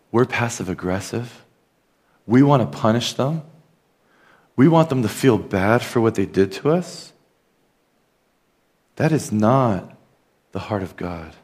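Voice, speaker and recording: A man's voice: lowish voice, a little mellow. A man preaching a sermon in an earnest, conversational manner, with casual asides. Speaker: pastor.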